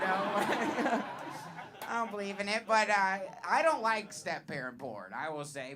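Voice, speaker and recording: A man doing a self-deprecating stand-up set with a small, high-ish voice, laughing at his own jokes. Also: bright, forceful tone. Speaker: stand-up comic. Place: comedy club with live audience. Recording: live club with audience noise.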